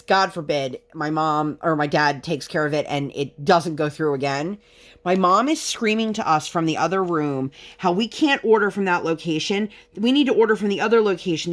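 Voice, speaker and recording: A woman vlogger telling a long frustrated story in a chatty, casual way while she works on a craft. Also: lowish voice. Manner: chatty, exasperated storytelling with many fillers.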